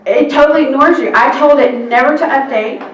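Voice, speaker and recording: A woman tells a work story to a seminar crowd, her voice set a little high and slipping into the other people's lines as she goes. She sounds a way off from the mic, and the room adds a roomy echo. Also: a little fast, far from the mic, a little hiss or hum. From Texas. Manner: animated storyteller acting out quoted exchanges. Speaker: court reporter. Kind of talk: anecdote told to an audience.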